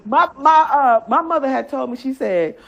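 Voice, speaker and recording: A woman with a Michigan accent speaks as a guest in a candid, casual chat. Her voice sits a touch high, and she talks bluntly, swears freely and laughs often. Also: expressive, normal speed, gravelly, a bit bright. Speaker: interview guest.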